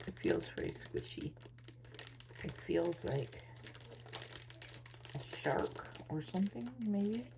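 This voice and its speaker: A tired woman chatting casually while unboxing gifts, gushing with excitable squeals over cute things. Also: fairly low pitch, takes it slowly, vocal fry, long pauses, noisy background. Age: adult with a son. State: tired, drained. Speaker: vlogger.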